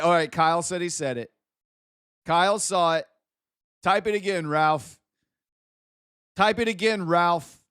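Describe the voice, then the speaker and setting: A man's voice: high voice, a bit bright, smooth, no room sound, clean studio sound. A man hosting a live stream, teasing and mock-scolding a viewer in casual chat banter. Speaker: livestream host.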